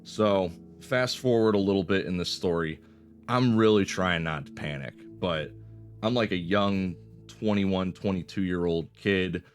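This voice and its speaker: A man's voice: sits low, clean tone. A man in his twenties casually telling a personal story, swearing often and rambling with fillers. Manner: swears a lot, loose rambling delivery with fillers.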